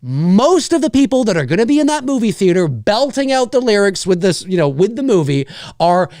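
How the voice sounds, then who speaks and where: A man's voice: high-pitched, sing-song, fairly quick, a little mellow, no echo, studio quality. A man hosting a livestream show, ranting casually with exasperation, swearing freely and mimicking noisy children.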